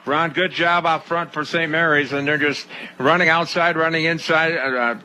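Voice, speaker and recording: A man calling a local football game play by play from a press box, brisk during plays and loose and chatty between them. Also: a little high, fairly even intonation, bright, forceful tone. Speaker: play-by-play announcer. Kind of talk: local radio football commentary. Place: press box at a small-town football field. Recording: outdoor broadcast with crowd and field noise.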